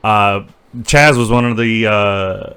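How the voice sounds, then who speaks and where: A man's voice: lowish voice, slow, sharp tone, smooth. A man co-hosting a podcast, talking casually in rambling bursts, often restarting and saying "dude" and "man". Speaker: podcast co-host. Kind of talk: casual chat.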